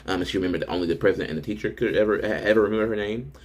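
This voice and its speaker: A young man recaps a manga chapter and reacts to it casually, talking very fast in a fairly low voice. He's excited and profane, with lots of "um"s and restarts.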